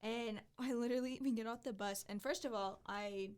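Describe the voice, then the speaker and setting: A woman guest on a podcast telling a story in a lively, laughing way. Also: a little high, brisk, smooth. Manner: animated storyteller, laughs between phrases. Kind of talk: casual chat.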